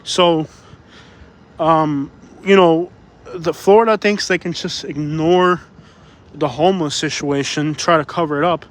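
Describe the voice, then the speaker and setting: A man vlogs live from city streets with a phone in his hand, slightly out of breath as he walks. He rambles, circles back over his points, and answers viewers in a fairly high voice. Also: fairly even intonation, measured pace, long pauses. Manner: rambling, repeats himself, reads chat aloud. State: out of breath from walking. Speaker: live-stream vlogger. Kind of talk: casual live-stream walking commentary.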